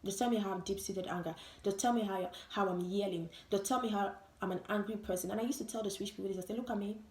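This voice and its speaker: A woman's voice: medium pitch, fast talker, a little mellow. Emphatic woman vlogging in a roomy space. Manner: emphatic, repetitive, rhetorical questions. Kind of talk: opinion vlog monologue. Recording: roomy echo.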